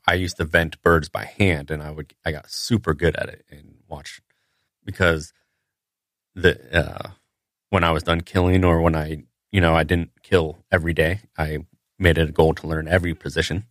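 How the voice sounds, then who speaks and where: A man's voice: rumbling low, fairly even intonation, normal speed, fairly bright tone, no echo, clean studio sound. A man, a butcher hosting a podcast, casually telling how a poultry line works in a matter-of-fact way with frequent fillers. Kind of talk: casual storytelling.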